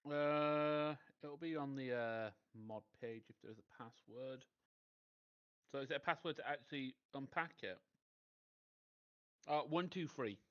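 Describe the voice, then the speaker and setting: A man's voice: medium pitch, a little slow, long pauses, clear, resonant tone, muffled recording. A man co-hosting a game stream, casually and helpfully walking his partner through setup steps. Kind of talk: casual gameplay chat.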